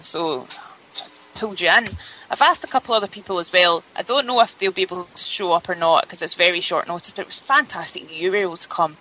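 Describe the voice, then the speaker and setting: A woman's voice: lowish voice, fast talker, pushed and bright, a little hiss or hum, poor audio. A woman co-hosting a radio show, chatty and enthusiastic, often restarting her sentences. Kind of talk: casual radio chat.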